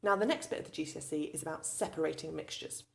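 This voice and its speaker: A woman with a low, somewhat gravelly voice walks students through chemistry revision. She explains patiently, one step at a time, in the tone of a recorded teaching video. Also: fast talker.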